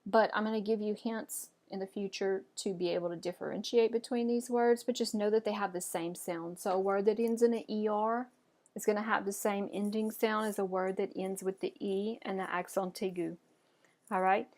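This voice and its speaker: A woman teaching French pronunciation, modelling words clearly and encouraging learners to repeat after her. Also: medium pitch, steady tone, moderate pace, darkish tone. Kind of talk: pronunciation lesson.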